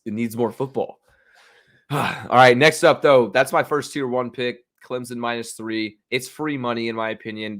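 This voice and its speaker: A man hosting a sports betting podcast, talking casually and excitedly, opinionated and rambling with frequent restarts. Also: mid-range voice. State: hiccups.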